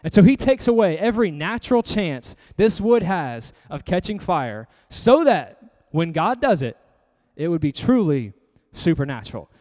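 Male pastor, somewhat high voice, earnest conversational sermon delivery, long hall reverb. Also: sing-song, normal speed, darkish tone. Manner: earnest, conversational preaching with rhetorical questions. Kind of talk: sermon with scripture reading.

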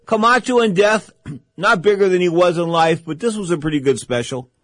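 A man's voice: on the high side, lively intonation, a little fast, dry recording. A man hosting a radio talk show, teasing and telling stories. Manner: jokey, teasing, storytelling.

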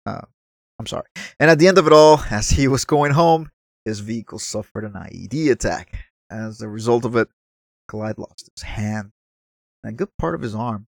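Male vlogger reviewing a film, mid-pitched, conversational, a few verbal stumbles. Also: normal speed, creaky, no room sound, studio quality. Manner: chatty, apologetic asides, stumbles over words. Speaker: movie reviewer. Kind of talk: casual movie review commentary.

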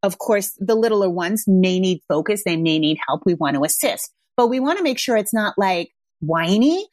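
A woman's voice: mid-range voice, animated, moderate pace, a little mellow, no echo. A woman parenting coach hosting a podcast in a casual monologue, speaking frankly and emphatically and swearing freely. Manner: acts out parents' voices when quoting them.

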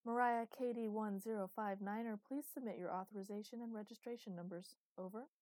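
Woman voicing a smooth formal station AI. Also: mid-range voice, steady tone, a little fast, a little mellow, no room sound, pitched above the performer's own voice, natural voice. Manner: formal radio protocol.

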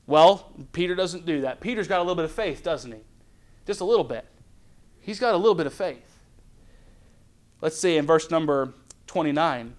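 Brisk and expressive, a high-pitched man leads a midweek Bible study sermon from a church pulpit as pastor. He alternates between scripture reading, questions aimed at the congregation, and acted-out mini scenes, frequently starting over mid-thought. He preaches through rhetorical questions and dramatized asides.

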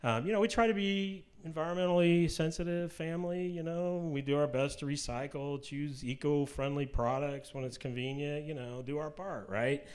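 A man's voice: on the high side, steady tone, moderate pace, few pauses, darkish tone. A man in his fifties from Kansas City, speaking as a guest at a church gathering in a chatty, joking way, with lots of ums and asides into a mic. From Kansas City, USA. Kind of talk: casual church talk to a live audience. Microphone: handheld or stand mic at a live talk.

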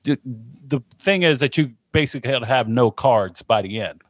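Host type, man, relaxed and swears freely, mid-pitched voice, dry close sound. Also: moderate pace, no room sound. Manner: profane, laid-back storytelling. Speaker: podcast host. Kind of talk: casual chat.

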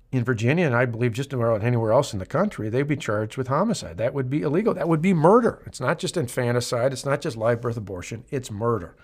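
Earnest man in his fifties, podcast host, emphatic commentary, mid pitch, halting delivery. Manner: earnest, emphatic, many filler restarts. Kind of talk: political commentary monologue.

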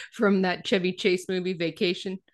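A woman's voice: lowish voice, little pitch movement, measured pace. A woman co-hosting a comedy podcast, adding joking riffs in casual chat.

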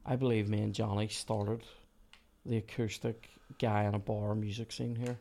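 A man's voice: fairly low pitch, flat delivery, normal speed, creaky, mellow. A Northern Irish man in his thirties hosting a podcast, chatting casually and swearing often as he plays a football game. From Northern Ireland. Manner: swears often, muttering when frustrated. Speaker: podcast host. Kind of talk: casual chat while gaming.

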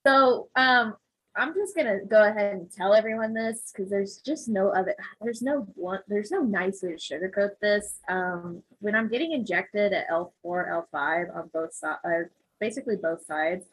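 A woman's voice: medium pitch, moderate pace, slightly rough, poor audio. A woman who works as a physical therapist, animatedly telling a story in casual chat, acting out the voices and laughing often.

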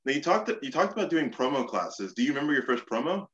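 A man's voice: mid-range voice, sing-song, quick pace, fairly bright tone. A man hosting a podcast interview, speaking as an enthusiastic fan and often restarting his sentences. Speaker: podcast host. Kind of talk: casual interview chat. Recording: dull lo-fi sound.

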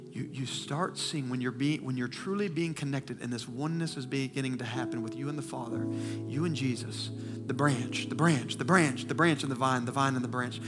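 A male pastor preaching a sermon, swinging from loud, impassioned declarations to hushed, near-whispered confessions while holding back tears. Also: mid-range voice.

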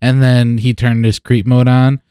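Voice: medium pitch, level tone, unhurried, dark tone, smooth, no echo, studio quality. A co-host in casual chat, reacting in a laid-back way with frequent chuckles.

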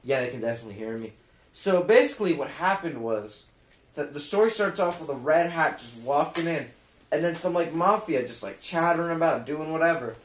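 A man's voice: on the high side, lively intonation, a little fast. A teenage boy co-hosting a podcast, telling a story in a rambling way, stringing it together with "and then" and "like". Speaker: podcast co-host. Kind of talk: casual storytelling. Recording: roomy home recording.

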